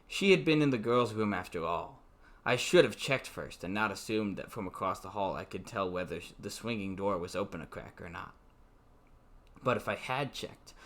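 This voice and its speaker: A man's voice: deep voice, a bit bright. Amateur male reader, mocking, sarcastic, prone to swearing. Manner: sarcastic, swearing asides that break off the reading. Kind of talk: mocking dramatic reading.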